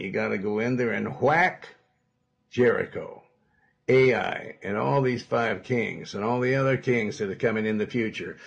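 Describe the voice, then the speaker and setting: A man preaching a sermon as pastor, quoting scripture in old-fashioned wording, with sudden loud emphatic bursts. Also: fairly low pitch, unhurried, vocal fry, highs cut off.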